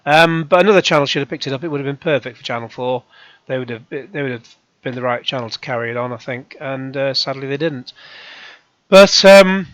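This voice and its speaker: A man's voice: mid-range voice, fairly quick, no echo. A man in his forties with a cold, talking in a rambling casual monologue full of ums, restarts and the odd swear. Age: 40s. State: has a cold. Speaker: channel host. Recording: dull lo-fi dry sound.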